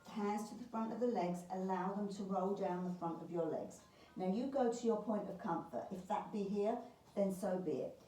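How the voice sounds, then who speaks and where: A woman leading a beginners Pilates class, calmly talking students through each movement with the occasional filler. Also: mid-range voice, normal speed, soft background music. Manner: calm step-by-step cueing with fillers. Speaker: Pilates instructor. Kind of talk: guided exercise class. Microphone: camera across the room. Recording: roomy far-off mic with faint ambience.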